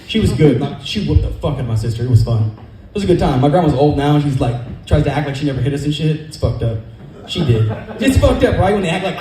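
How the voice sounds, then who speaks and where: Fast-talking profane stand-up comedian man. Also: a little high, lively intonation, mellow, reverberant, poor audio. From California. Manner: rapid, profane, rambling storytelling. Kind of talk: stand-up set at an open mic. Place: comedy club open mic night.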